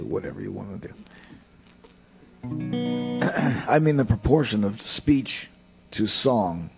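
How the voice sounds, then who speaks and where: A man's voice: medium pitch, gravelly, a little mellow. An older man giving a rambling, plain-spoken voice lesson, drifting into anecdotes. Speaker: voice teacher.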